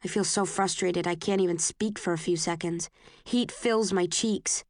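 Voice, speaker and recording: A woman's voice: fairly low pitch, fairly even intonation, moderate pace, no room sound. Woman reading a first person novel, earnest, gets heated in the fights, dry close sound. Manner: earnest and emotional, rising sharply in arguments. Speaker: audiobook narrator.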